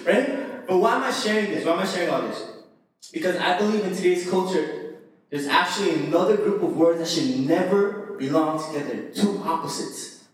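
A young man preaches a casual sermon, his voice sitting high and easy. He talks in slang and breaks into laughing asides. The sound rings around a big echoey hall and comes from some way off the mic. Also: lively intonation, normal speed, far from the mic. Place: church hall.

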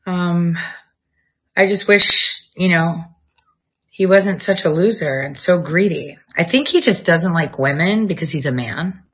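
Husky rambling woman on a lo-fi vlog. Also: lowish voice, a little slow. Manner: rambling, jumps from topic to topic. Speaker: vlogger. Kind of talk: casual chat to viewers. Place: at home, near a bedroom studio.

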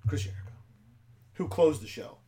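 A man co-hosting a casual podcast, teasing his friends and jumping in to interrupt. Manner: animated, teasing, quick to interrupt. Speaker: podcast co-host. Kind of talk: casual chat.

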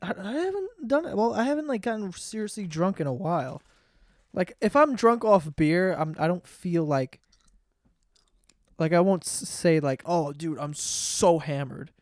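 A man's voice: high-pitched, big pitch swings, moderate pace, no room sound, clean studio sound. A young man hosting a podcast, telling crude stories in casual chat. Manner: crude, joking storyteller. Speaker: podcast host. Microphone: studio mic on stand.

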